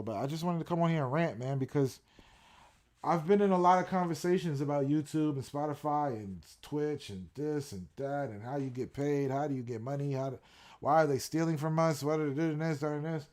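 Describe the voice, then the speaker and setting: A man's voice: on the high side, brisk, a little mellow. A man streaming and ranting casually, profane and repetitive as he reacts. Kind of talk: casual ranting livestream commentary.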